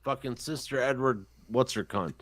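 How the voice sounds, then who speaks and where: Over a slight hiss or hum, a podcast host with a mid-range voice talks at a moderate pace. Telling childhood stories in casual chat, he swears a lot and animatedly imitates the characters involved.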